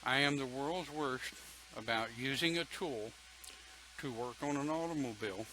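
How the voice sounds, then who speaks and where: A man's voice: mid-range voice, normal speed, bright, forceful tone, a little hiss or hum, low-quality recording. An older man leading an online pagan church talk, folksy and chatty, reading viewer comments and laughing often.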